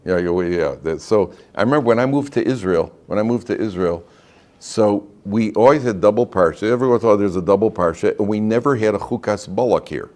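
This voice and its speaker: In a classroom Torah lesson, a rabbi speaks fairly quickly in a lowish voice. The class is informal, and he keeps students engaged with humor, energy and frequent questions.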